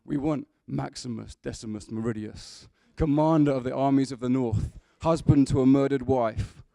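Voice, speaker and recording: Man doing a vengeful Roman general, booming, declaiming, gravelly. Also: fairly even intonation, moderate pace, no room sound, close to an everyday voice. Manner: loud, declaiming film impression.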